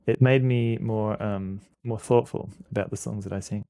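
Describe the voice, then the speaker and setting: Gravelly-voiced man streamer, joking. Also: fairly low pitch, fairly even intonation, normal speed, few pauses, dark tone, no echo, studio quality. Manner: joking, self-mocking, stammers and repeats words. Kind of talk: casual gameplay commentary.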